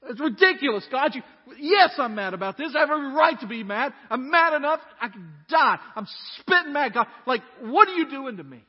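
A pastor voicing an angry, pouting prophet as a good old Southern man, ranting loud and high in a large hall. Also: lively intonation, brisk, hardly any pauses. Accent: American Southern. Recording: dull, echoey hall.

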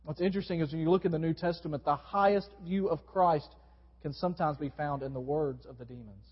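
A man preaching a sermon to his congregation, with wide swings in pitch and volume. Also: fairly quick, breathy edge. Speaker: pastor. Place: church sanctuary. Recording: dull recording in a long-reverb hall.

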